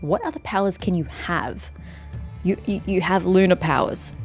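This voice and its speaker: Snarky lady narrating her game playthrough, quick jokey asides, faint music behind. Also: lowish voice. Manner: sarcastic, joking, quick asides. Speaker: gaming streamer. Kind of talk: let's play commentary.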